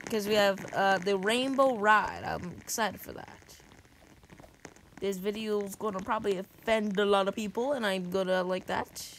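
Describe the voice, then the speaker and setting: A woman narrates her gameplay in a loose, rambling way and keeps breaking into sudden yells. Her voice sits at an ordinary middle pitch. A steady hiss of background noise runs under the whole recording. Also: normal speed. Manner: rambling, often bursts into yelling. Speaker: gaming video creator. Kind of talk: game commentary.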